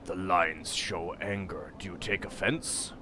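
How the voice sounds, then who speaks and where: A man voicing a stiff, formal stranger who speaks slowly and deeply about himself in the third person. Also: steady tone, pushed and bright, slight background noise. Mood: solemn. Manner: slow, deep, formal, talks of himself as "this one".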